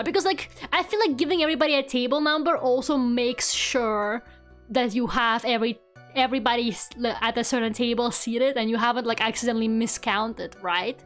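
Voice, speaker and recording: A young woman VTuber chats casually on her stream, her voice on the high side and fairly quick. She giggles and swears now and then while faint game music plays in the background.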